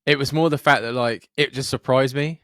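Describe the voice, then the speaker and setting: A Scottish man co-hosting a podcast, telling sweary, animated anecdotes in casual chat. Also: medium pitch, brisk, no room sound, studio quality. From Scotland, Fife. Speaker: podcast co-host.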